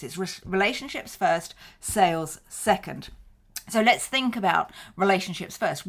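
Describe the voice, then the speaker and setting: A woman, a marketing coach, explaining to camera in a chatty style and often acting out bits of dialogue. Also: mid-range voice. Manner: conversational, acts out short snippets of dialogue.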